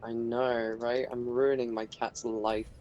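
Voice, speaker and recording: A man of average pitch chatting casually with a friend while they play a video game. He talks loosely and breaks into laughter often. A faint hiss sits under his desktop mic. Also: a little mellow, lo-fi sound. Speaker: channel host and gamer. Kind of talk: casual chat while playing. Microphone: desktop mic on voice chat.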